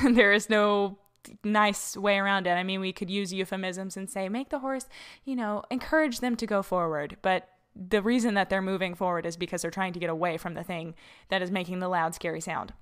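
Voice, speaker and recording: In a slightly echoey room of a borrowed house, a young woman records her casual solo podcast on her own mic, chatting with lots of fillers and laughs. Her medium-pitched voice is a bit bright, with a clear, resonant tone.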